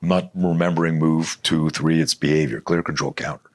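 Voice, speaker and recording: Very deep husky man telling a story. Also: brisk. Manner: animated, blunt storyteller who swears freely. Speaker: podcast guest, self-defense instructor. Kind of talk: storytelling in a conversational interview.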